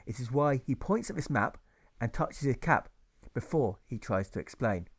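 A man reading his own novel aloud as audiobook narration, in a steady, rhythmic delivery of rhymed lines. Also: medium pitch, moderate pace, husky.

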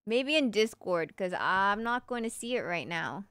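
A young woman talks to her stream audience in an easygoing, playful way, answering their questions and humming little nonsense syllables between thoughts. Her voice is smooth and clean, and she takes her time. The sound is dry and close, with no room echo. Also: mid-range voice, expressive, measured pace, fairly bright tone. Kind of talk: casual live-stream chat, answering viewer questions.

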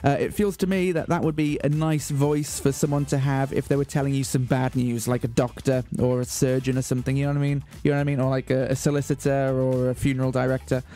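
A man hosting a community radio show, announcing in a mock-grand, deadpan way. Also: medium pitch, fast, few pauses. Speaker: radio host. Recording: faint music bed behind.

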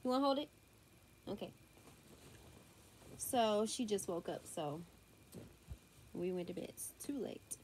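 A young woman with a thick Southern US accent vlogs a clothing haul from home, her daughter nearby, in a mid-range voice that's expressive and a little mellow. She's unhurried with long pauses, chatty and drawling, with many y'alls. Her tablet's built-in mic picks up slight background noise.

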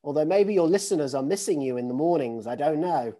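An interviewer poses questions in a warm, encouraging way and praises the guest's work. The voice is mellow and slightly husky. The pitch moves in lively curves across each question. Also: a little fast. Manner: encouraging and admiring toward the guest.

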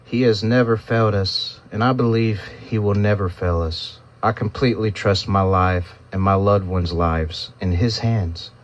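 A man voicing a towering, glowing winged angel who speaks with a calm, solemn, preaching cadence. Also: fairly low pitch, unhurried, few pauses, dull audio, lightly acted. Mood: earnest. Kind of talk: scripted narration.

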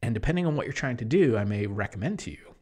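A man talking as an online business coach in a casual promotional monologue, energetic, jumping between loud bursts and hushed asides. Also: mid-range voice, fast talker. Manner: mimics other people in quoted voices.

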